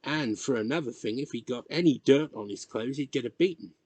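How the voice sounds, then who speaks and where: A man reading a novel chapter aloud in measured, expressive narration. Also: medium pitch, slightly rough, no echo. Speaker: reader. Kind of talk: audiobook narration.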